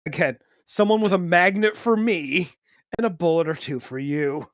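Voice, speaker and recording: A man co-hosting a casual podcast, joking deadpan and tripping over restarts and fillers. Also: sits high, a little slow, no echo, studio quality. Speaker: podcast co-host.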